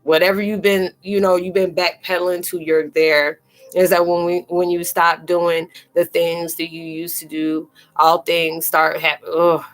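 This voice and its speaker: This spiritual reader, hosting a live stream, is emotional and nearly crying as she greets viewers by name and calls them "sweetie." Her fairly low voice is flat and unhurried, full of fillers and restarts, with soft background music on a poor-quality recording.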